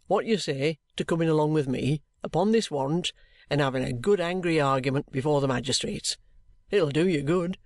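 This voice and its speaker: A reader doing a shrewd, good-humoured detective who talks a weary old man round with bantering encouragement. The voice sits at a middling pitch, close and dry with no room sound, in an audiobook reading. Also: moderate pace, no echo, lightly acted. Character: shrewd, jovial middle-aged male detective.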